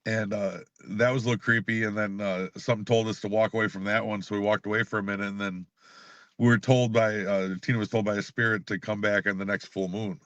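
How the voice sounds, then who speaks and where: A man with a fairly low voice tells his own stories as a podcast guest. He is hesitant and often pauses to gather his words. The sound is close and dry. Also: level tone, fairly bright tone, no echo, muffled recording. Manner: hesitant, many uh fillers. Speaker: paranormal investigator guest. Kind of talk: casual storytelling.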